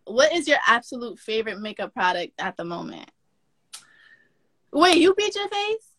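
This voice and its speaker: A woman hosting a casual girl-talk podcast, with a bright, forward tone and a voice set a little high. She is animated and chatty, laughs easily, and keeps her guest going with warm "mm-hmm"s. The sound is dry and close, with little room in it. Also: moderate pace, no echo. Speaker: podcast host.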